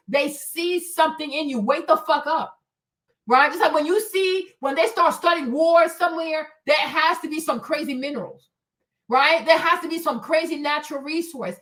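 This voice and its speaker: A woman with a high voice hosts a livestream commentary. She rants hotly and profanely, driving each point home by repeating it. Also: animated, moderate pace. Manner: profane, heated, emphatic repetition. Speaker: show host.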